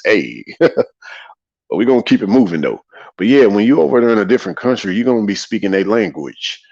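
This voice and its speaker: A man's voice: on the low side, expressive, normal speed, a little mellow. A man hosting a casual livestream monologue, preachy and repetitive, greeting viewers in the chat between points. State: tired after a long day. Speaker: livestream host. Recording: slightly dull lo-fi audio.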